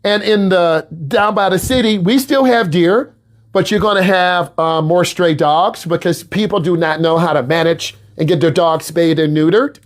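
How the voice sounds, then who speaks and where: A man's voice: high voice, moderate pace. A man from the Midwest, a teacher giving a classroom lecture and pushing his students to work harder. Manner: animated, exhorting students, repetitive.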